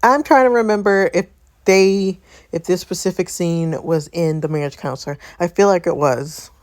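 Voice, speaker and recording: Low-voiced breathless woman chatting. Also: moderate pace, a little mellow. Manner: chatty, addresses viewers as y'all. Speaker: story game reader. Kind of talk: casual chat while reading.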